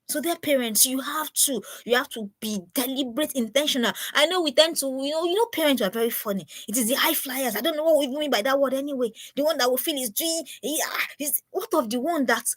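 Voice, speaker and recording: A woman's voice: high voice, dry recording. A woman giving an earnest, preachy live talk to parents, often repeating herself. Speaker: parenting speaker.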